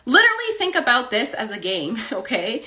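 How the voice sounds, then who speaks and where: A woman's voice: on the high side, huge pitch swings, fairly quick, bright, forceful tone. A woman hosting a casual spiritual livestream, chatty and full of "like" and "okay?", talking into a phone. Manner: chatty, fills speech with "like" and "okay?". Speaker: host.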